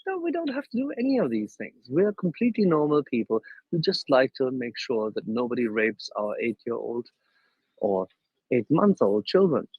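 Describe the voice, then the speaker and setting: A man's voice: mid-range voice, very animated, normal speed, slightly rough, no echo, dull audio. A man hosting a casual online panel, mocking and theatrical in his delivery.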